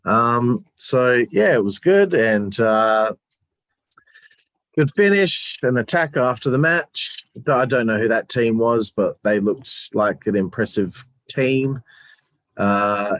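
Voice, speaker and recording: A man's voice: lowish voice, animated, a little slow, a bit bright, dry recording. A man co-hosting a casual review chat, talking in a rambling, hesitant way and swearing casually. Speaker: podcast co-host.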